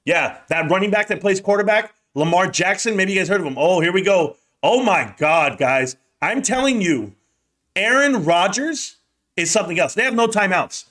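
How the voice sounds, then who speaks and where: A young man with a notably high-pitched voice delivers an unscripted football rant. He is brash and mocking, tossing out "guys" and "bro" as he riffs straight to his viewers. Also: expressive, normal speed, fairly bright tone. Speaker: sports vlogger.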